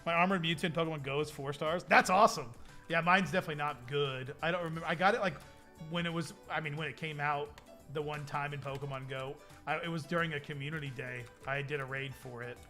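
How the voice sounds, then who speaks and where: A young man hosting a livestream, chatting casually in an excitable, rambling way. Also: on the high side, fast, soft background music. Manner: excitable, rambling, laughs often. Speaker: livestream host. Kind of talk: casual stream chat.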